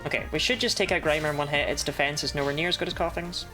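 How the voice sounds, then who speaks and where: A woman's voice: low voice, steady tone, racing, over music. A woman chatting casually while streaming a game, laughing often and swearing now and then. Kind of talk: casual live-stream commentary.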